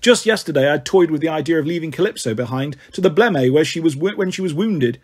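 A man narrating an audiobook with wry, dramatic flair. His voice is high-pitched and husky, with a breathy rasp. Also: expressive, quick pace. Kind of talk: first-person story reading.

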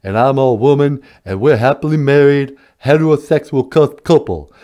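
A man doing an impression of a former first lady, talking loud, sassy and confrontational. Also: mid-range voice, normal speed, pitched below the performer's own voice, close to an everyday voice.

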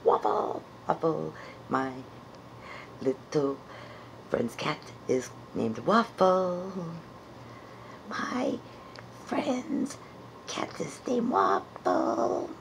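A woman's voice: deep voice, sing-song, extremely slow, creaky, pauses often, slight background noise, exaggerated voice. A woman voicing a shy blue furry puppet creature, unsure and playful as she searches for its voice in improvised comedy.

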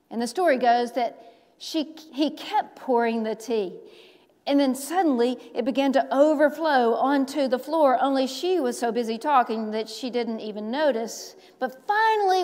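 A woman pastor preaching a sermon, telling a story slowly with dramatic pauses. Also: sits high, a little mellow. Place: large church sanctuary. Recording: long church hall reverb.

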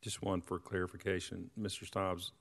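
Deep-voiced man asking questions in a hall. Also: flat delivery, vocal fry, a bit bright. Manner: halting, restarts while asking. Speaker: board member. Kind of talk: questions at a public meeting.

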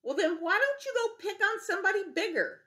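A woman voicing a sweet, calm, friendly ladybug in a picture-book reading, in a high, sugary tone. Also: brisk, full character voice.

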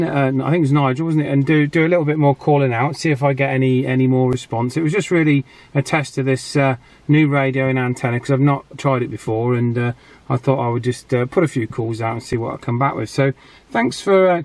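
A man hosting a radio hobby vlog outdoors on high ground, chatting in a relaxed, thinking-aloud way. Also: no room sound. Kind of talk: casual vlog narration.

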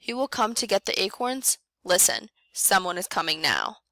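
A woman reading a picture book aloud to young children, slow and clear, with playful animal sounds. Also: no echo. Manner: reads slowly and clearly, voicing animal sounds with lively jumps in pitch. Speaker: first grade teacher reading aloud.

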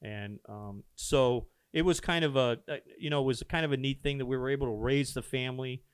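A man's voice: medium pitch, fairly quick, clear, resonant tone, no room sound. An older man, a pastor and podcast guest, talking casually in an easygoing, agreeable way while reminiscing. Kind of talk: casual conversation.

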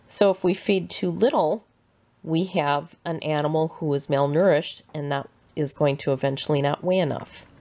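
Low-voiced woman presenting at a shelter. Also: darkish tone. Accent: Midwestern American. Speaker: shelter educator. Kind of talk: scripted presentation narration.

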